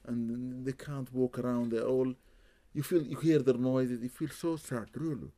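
A man's voice: medium pitch, steady tone, unhurried, dark tone. A man, a Muslim spiritual healer, telling a story in an interview, with Arabic religious phrases and repeated words for emphasis.

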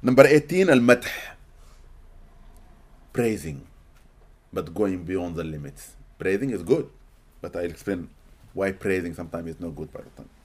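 A man from Sudan, giving an animated, expressive religious lecture to a live audience in a hall and often laughing. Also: low-pitched, normal speed, long pauses. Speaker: Islamic teacher.

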